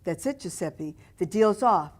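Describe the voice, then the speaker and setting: A firm father of a family, calm, plain-spoken and decisive, as a woman reading her book voices him. He speaks in a measured, steady way that ends arguments. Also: fairly low pitch. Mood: stern.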